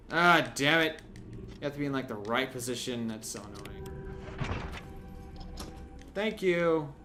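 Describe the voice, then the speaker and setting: A young man commentating a video game playthrough, chatty and jokey, with sudden loud yelps. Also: mid-range voice, lively intonation, unhurried, pauses often, faint music behind. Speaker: gameplay commentator. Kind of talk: let's play commentary.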